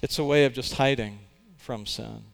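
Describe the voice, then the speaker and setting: A man's voice: mid-range voice, moderate pace, gravelly. A man, who is a pastor, preaching a sermon in an earnest, emphatic way, with occasional restarts.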